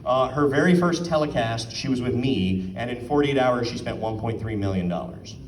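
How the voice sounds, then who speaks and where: A man's voice: mid-range voice, moderate pace, distant mic. Man, art auction presenter, chatty, asks the crowd questions, roomy sound, slightly off mic. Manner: chatty, asks the audience questions, acts out quotes. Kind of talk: casual presentation to a live audience. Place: room with an audience.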